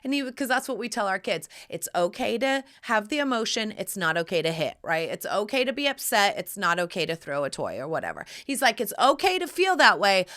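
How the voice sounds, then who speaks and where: Woman in her thirties, solo podcast host; bright tone, lively, giggly, plays the voices in her stories. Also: medium pitch. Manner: animated, giggly storyteller acting out quotes. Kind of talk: candid solo podcast chat.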